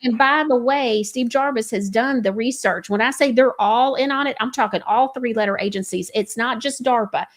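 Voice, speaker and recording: A woman hosting a casual political talk show, emphatic and rambling, quoting others in quick animated asides. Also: on the high side.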